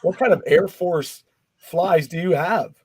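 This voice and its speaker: A man's voice: a little high, a little mellow, breathy edge. A man co-hosting a casual gaming chat show, joking and trading banter. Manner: jokey, quick with banter.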